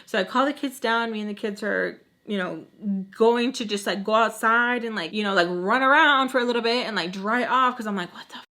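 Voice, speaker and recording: Young woman, vlog storytime, talkative, lots of "like", mixes in Spanish, acts out quotes, slightly high voice. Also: a little fast, sharp tone. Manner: chatty, full of "like", slips into Spanish phrases; acts out quoted people with voice changes. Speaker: storytime vlogger. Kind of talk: casual storytime chat.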